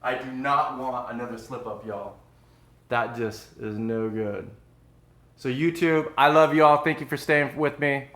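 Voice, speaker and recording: A man's voice: mid-range voice, a little slow, a bit bright. Upbeat man in echoey kitchen. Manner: upbeat, chatty, says "y'all" a lot. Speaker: livestream host. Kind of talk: casual live-stream chat. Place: home kitchen. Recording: roomy echo.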